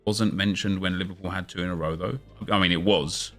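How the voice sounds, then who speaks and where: A man hosts a gaming livestream over soft background music, trading quick, chatty back-and-forth with viewers before switching into an upbeat video-host delivery with hype intro energy. His voice sits low, a bit bright, with fairly even intonation.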